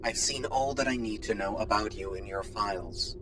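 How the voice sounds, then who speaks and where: A man reading a story aloud, voicing an ancient, mummy-like tyrant king with a hollow mechanical voice, cold and measured in how he speaks. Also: on the low side, background noise, lightly acted. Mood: cold, arrogant.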